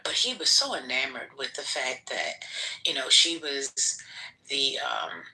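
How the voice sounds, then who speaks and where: A woman's voice: very deep voice, sing-song, measured pace, sharp tone, rough recording. A woman on a casual panel chat, telling a story with animation.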